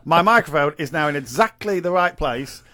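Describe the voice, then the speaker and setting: A man's voice: a little high, lively intonation, pushed and bright. A man with a Yorkshire accent co-hosting a podcast, chatting and joking in a casual, playful way and echoing his partner. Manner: jokey, repeats and echoes his co-host, quick laughs. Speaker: podcast co-host. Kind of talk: casual comedic chat.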